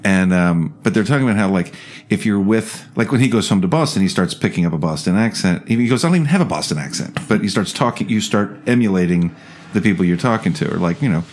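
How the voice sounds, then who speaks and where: A man's voice: deep voice, fast talker, darkish tone. A man from South Jersey chatting casually as a podcast co-host, rambling and laughing as he restarts his thoughts. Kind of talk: casual chat.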